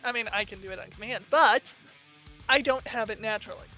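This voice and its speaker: A woman's voice: a little high, a little fast, bright, forceful tone, soft background music. A woman guest streamer in casual chat, explaining her thoughts at length with a loose, reflective manner and frequent fillers.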